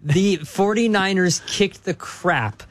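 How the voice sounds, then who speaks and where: A man's voice: sits high, slow pace, no echo. A man co-hosting sports talk radio, emphatic and ranting, repeating points for effect.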